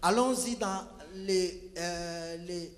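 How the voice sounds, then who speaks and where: A man interpreting a sermon live, hesitant and pausing on fillers. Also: sits high. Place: church. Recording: church hall with long reverb.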